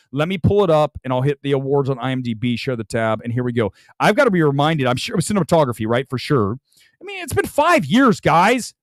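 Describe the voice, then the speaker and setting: A film channel host with a slightly high voice runs a live-streamed movie talk show, rambling and opinionated as he speaks directly to his chat. The recording is dry.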